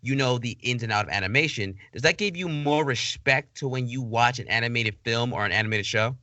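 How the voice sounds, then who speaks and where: A man hosts a casual interview with a bright, forceful tone. His questions ramble and restart as he works toward them. The sound is dry and close. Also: medium pitch, fairly quick, dry recording. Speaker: podcast host.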